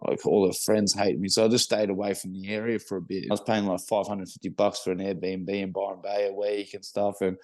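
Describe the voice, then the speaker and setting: A man's voice: sits low, little pitch movement, brisk, few pauses, a little mellow, no echo. A middle-aged Australian man talking casually about recovery, rambling with lots of swearing and fillers. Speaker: guest in recovery. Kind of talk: casual podcast conversation.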